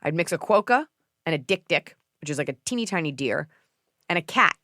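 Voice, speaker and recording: A woman hosting a casual advice podcast, her voice sitting low. She jokes in a sarcastic, deadpan way. The sound is dry and close. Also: fairly quick, no room sound. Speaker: podcast host. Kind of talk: casual comedic advice chat.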